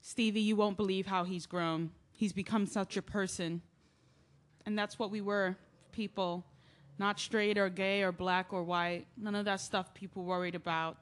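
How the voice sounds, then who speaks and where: A woman's voice: mid-range voice, fairly even intonation, normal speed, lightly acted. A woman playing a grieving young woman who tells her story in earnest, confessional letters, in an audio drama reading. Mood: reflective. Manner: earnest, confessional, rising to yelling. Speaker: narrator and lead.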